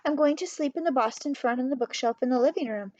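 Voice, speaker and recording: A woman reading a storybook who voices a gentle little hen bird, speaking softly and politely. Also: high voice, fast, dry recording, dull audio, natural voice. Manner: soft, poised, polite. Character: gentle young hen bird, soft and musical.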